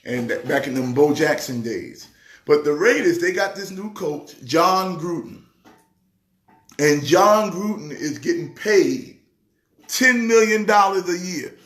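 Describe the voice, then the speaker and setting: A man who is a pastor, talking sports casually in an excitable way, repeating words with a preacher's rhythm. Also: fairly high pitch, a little slow, echoey room. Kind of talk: casual sports talk show.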